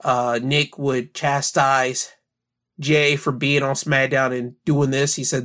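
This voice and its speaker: A man's voice: medium pitch, flat delivery, takes it slowly, fairly bright tone. A young man hosting a podcast, casually recounting wrestling events with frequent fillers. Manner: recounts events in future tense, filler-heavy. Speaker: podcast host.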